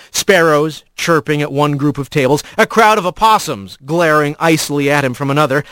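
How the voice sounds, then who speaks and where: A man reading a storybook aloud as narrator, in an expressive, animated way. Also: a little high, dry recording.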